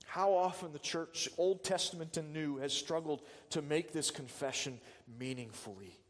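A man's voice: on the high side, moderate pace, in a large hall. A man preaching a sermon as a pastor, earnest and full of rhetorical questions.

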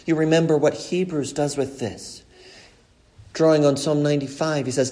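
A male pastor preaching a sermon earnestly, climbing to emphatic peaks and dropping low and slow for key points. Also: fairly even intonation, mellow.

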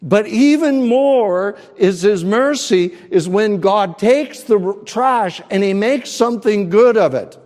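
A man preaching a sermon, earnest and emphatic, with deliberate pauses. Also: high voice, a little mellow, big-room sound. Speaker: pastor.

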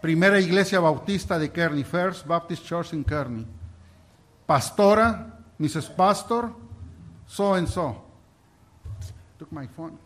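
A man preaching a sermon, reading Bible verses aloud and telling his own church story in an earnest, halting way. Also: fairly high pitch, a bit bright. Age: adult. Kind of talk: sermon mixing Bible reading and personal testimony.

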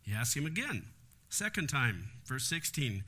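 A man's voice: medium pitch, big pitch swings, unhurried, pushed and bright. A man leading a Bible study in an earnest, explanatory way, with frequent conversational asides.

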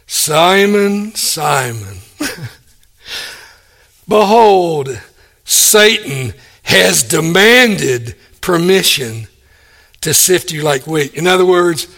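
A man preaching a sermon, animated, acting out the people he quotes and chuckling between points. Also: fairly high pitch, drawn-out words, gravelly, long pauses. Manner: animated, acts out quoted speakers.

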